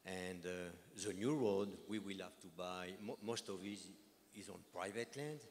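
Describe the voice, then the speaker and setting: A man with a French accent asking a question at a public meeting, halting with many pauses. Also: low-pitched, darkish tone. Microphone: handheld microphone. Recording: long hall reverb with faint noise.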